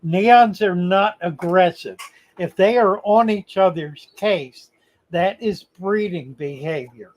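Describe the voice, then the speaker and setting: Slow-talking older male stream host. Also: sits high, rough recording. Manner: slow, halting, reads chat comments aloud. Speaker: livestream host answering viewer questions. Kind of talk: casual livestream chat.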